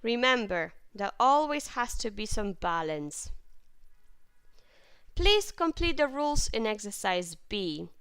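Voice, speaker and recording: A woman teaching English grammar in a clear, patient way, with lively intonation and plenty of example sentences. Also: medium pitch, takes it slowly, dry recording. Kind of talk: grammar lesson.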